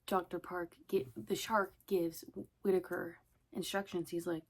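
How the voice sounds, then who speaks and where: A woman's voice: fairly low pitch, level tone, measured pace. A woman rambling casually in a vlog, chatty and swearing, often breaking into laughter. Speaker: vlogger.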